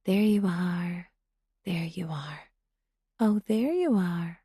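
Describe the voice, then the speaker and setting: A woman's voice: mid-range voice, expressive, takes it slowly, dark tone, breathy edge, no echo, studio quality, exaggerated voice. A woman voicing a menacing night intruder in a whispered role-play, taunting and repetitive.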